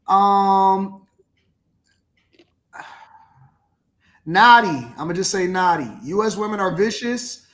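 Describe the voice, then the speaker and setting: A man's voice: high voice, takes it slowly, pauses often. A man hosting a podcast, casually reading out viewer comments and thanking them by name. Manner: casual, shouting out viewers, chuckling. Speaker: podcast host. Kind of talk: reading live chat comments.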